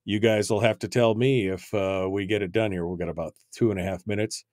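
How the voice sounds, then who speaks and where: A man's voice: lowish voice, fairly even intonation, brisk, a little mellow, no echo. A male talk radio host speaking live on air, rambling and flustered as he fixes failing studio gear, with many restarts.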